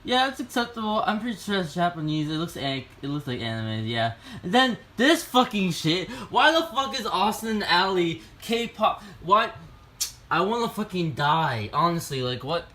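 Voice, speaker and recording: A man's voice: sits high, lively intonation, normal speed. Young man swearing through a solo vlog. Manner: crude, swears a lot, jumps between mumbling and loud outbursts. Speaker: vlogger. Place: home room.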